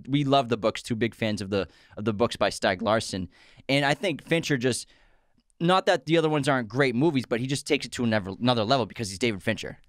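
A man in easy, casual chat as a podcast co-host, keen and lively about what he likes. His voice is smooth and clean. The sound is dry and close. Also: mid-range voice, dry recording. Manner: enthusiastic, talks in quick bursts.

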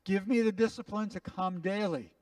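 A man's voice: high-pitched, moderate pace, darkish tone, no room sound, distant mic. A man, a rabbi, preaching and then leading his congregation in earnest prayer and responsive lines. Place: congregation sanctuary.

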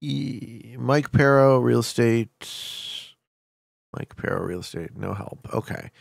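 Man, game streamer, gravelly, very animated pitch, dry close sound. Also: slow pace, no echo. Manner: energetic, talks to viewers, loud hype bursts then muttering. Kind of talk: casual gameplay commentary.

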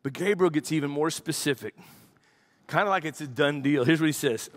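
A man, a pastor, preaching a sermon and telling a story with lively acted-out quotes. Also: on the high side, fairly quick. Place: church.

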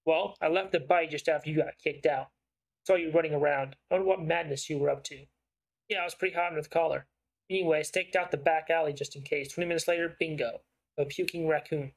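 A man voicing a shrewd, persuasive investigative writer in a story game, with a smooth, probing way of talking. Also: a little high, steady tone, quick pace, rough recording.

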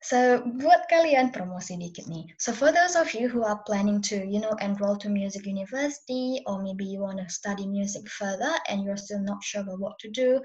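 A woman's voice: mid-range voice, brisk, hardly any pauses, darkish tone. Woman teaching violin. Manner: mixes English with Indonesian, coaching. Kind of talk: live online workshop. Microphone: video call. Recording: dull video-call audio.

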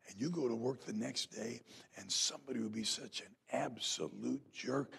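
Gravelly preacher guy telling folksy stories in church, gets loud on the punchlines. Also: medium pitch. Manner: storytelling, folksy, rises to loud emphatic peaks. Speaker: revival preacher. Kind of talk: sermon. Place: church sanctuary.

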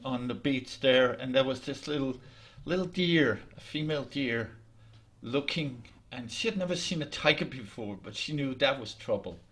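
A man telling a folk tale in a lively, halting way, over a video call. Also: mid-range voice. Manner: lively, halting with restarts, laughs along. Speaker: storyteller. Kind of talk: oral folk storytelling.

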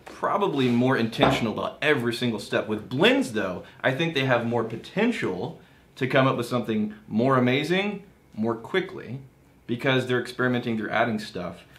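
Whisky show host guy, jokey, reads out viewer letters, normal pitch. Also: lively intonation, moderate pace, fairly bright tone. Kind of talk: casual tasting chat.

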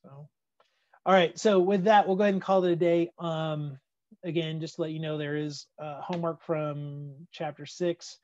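A man's voice: a little high, fairly even intonation, normal speed, darkish tone, no echo, muffled recording. A man teaching a physics class over a video call, chatty and laid-back, with lots of fillers. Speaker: physics instructor. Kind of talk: casual online lecture.

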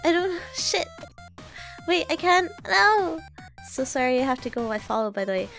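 A young woman streaming a game live, reacting excitably and swearing as she plays. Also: high-pitched, normal speed, vocal fry, faint music behind. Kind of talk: live gameplay commentary.

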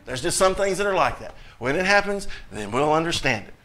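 A man's voice: on the high side, very animated, fairly quick, pushed and bright. A man pastor preaching a sermon, blunt and emphatic, firing off rhetorical questions and reading scripture aloud.

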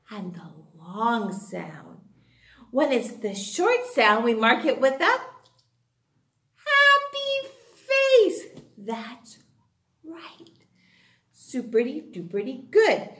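A woman's voice: fairly high pitch, sing-song, slow pace. A woman teaching an online phonics lesson for young children, asking questions and answering them herself in a sing-song way. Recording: echoey room.

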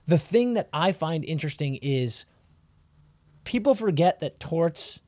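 A man with a slightly raised voice rants through a casual sports podcast, swinging between loud outbursts and muttered asides. He sounds recorded close on a dry mic with no room around him. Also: fairly high pitch, measured pace, no echo. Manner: animated, ranting, swings loud and quiet. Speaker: podcast co-host.

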